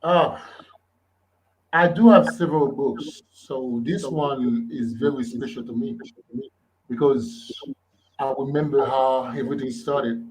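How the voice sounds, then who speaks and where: A man's voice: medium pitch, unhurried, long pauses, darkish tone, a little hiss or hum, rough recording. A man from Haiti with a Haitian accent, answering interview questions in a blunt, confident, emphatic way. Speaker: guest author.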